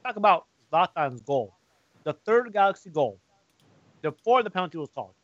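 A man's voice: high-pitched, sing-song, no echo. Male co-host, easygoing and jokey, average voice, dry lo-fi recording. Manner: joking, laughs often, halting restarts. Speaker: podcast co-host. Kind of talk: casual chat. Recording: dull lo-fi sound.

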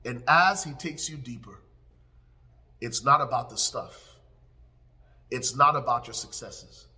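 A man preaching a sermon as pastor, emphatic, with repeated lines, swelling up and then dropping into hushed prayer. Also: medium pitch, unhurried.

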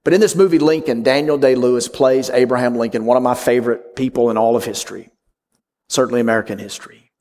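Guy preaching, big swings loud to whisper, mid pitch, long reverb. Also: fast talker. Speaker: pastor. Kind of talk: sermon.

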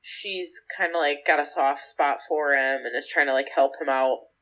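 Recapping a show on her podcast, this young female co-host speaks at normal speed in a low, steady, fairly bright voice. Her delivery is rambling and full of "like" fillers, with characters' lines acted out, all in slightly dull lo-fi audio.

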